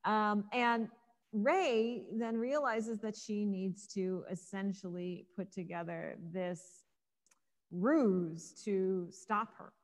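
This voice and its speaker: A woman Egyptologist giving a casual spoken talk, retelling myths with lively acted-out dialogue for the gods. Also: mid-range voice, slow, long reverb tail. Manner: lively storyteller acting out the gods' lines. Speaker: Egyptologist guest speaker.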